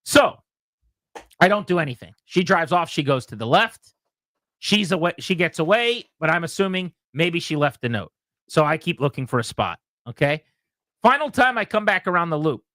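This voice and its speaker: A radio host telling a story with a bright, lively voice that climbs high whenever he acts out what people said. He chats casually and plays every part himself. The sound is dry and close. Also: normal speed, dry recording.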